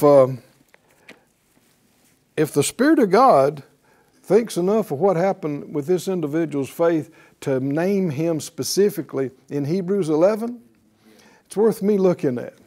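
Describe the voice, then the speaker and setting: A middle-aged man delivers a sermon in a slow, deliberate cadence. His voice sits slightly high for a man but has a warm, mellow color. He drives his points home with emphasis and rhetorical questions to the listeners. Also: lively intonation. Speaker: pastor.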